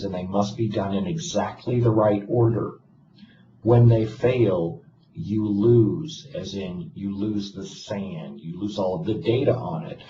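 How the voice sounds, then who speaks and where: A man giving a casual presentation to an audience, telling a self-deprecating story with wry humor. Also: lowish voice. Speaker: conference speaker. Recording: echoey hall, distant mic, dull lo-fi, noisy.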